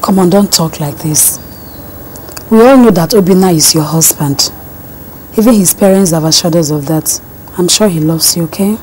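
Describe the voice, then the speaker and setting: A woman's voice: on the low side, normal speed, darkish tone, slight background noise, close to an everyday voice, rough recording. An actress playing a middle-aged mother who soothes her daughter and huffs proudly about the groom's family, in a film drama. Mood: soothing. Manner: soothing, then proud and huffy.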